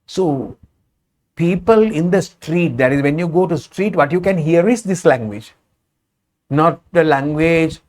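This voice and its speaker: A man with a Sri Lankan English accent, a Sinhala speaker, teaching a spoken English lesson and explaining each phrase again and again, sometimes slowing down for examples. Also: a little high, animated, a little mellow.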